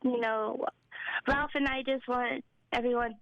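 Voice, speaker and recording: A woman caller gushes on the line as a devoted fan, rambling and restarting her sentences. Her voice sits a little high. The sound comes through a dull, muffled phone line. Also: steady tone, unhurried, background noise. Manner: gushing, rambling, fillers and restarts. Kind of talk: phone-in chat.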